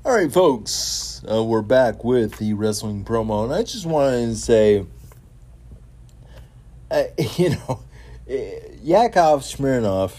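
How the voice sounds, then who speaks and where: Male solo podcast host, relaxed and slow-talking, halting but eager, lots of "uh" and restarts. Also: medium pitch. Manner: halting, many fillers and repeated words, enthusiastic. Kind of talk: casual solo wrestling talk show.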